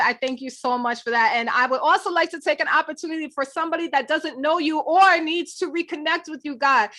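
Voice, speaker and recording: A woman with a New York accent hosting a faith podcast, chatting casually and leading a prayer, animated and quick to laugh. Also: high voice. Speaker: podcast host.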